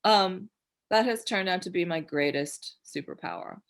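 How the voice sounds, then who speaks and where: A middle-aged woman from New Jersey, a filmmaker guest in a candid interview, blunt and quick to swear, acting out the people in her stories. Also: on the low side. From Newark, New Jersey, USA. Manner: blunt, swears freely, animated storytelling with voiced quotes.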